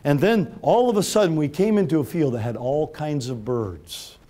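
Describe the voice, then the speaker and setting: A middle-aged man preaching in a church, his voice dark and mellow and pitched a little high for a man. He tells his story in a hushed, near-whispered way, then lifts into loud, urgent preaching. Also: normal speed. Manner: swings from loud preaching to quiet, hushed retelling. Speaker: pastor. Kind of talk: sermon storytelling.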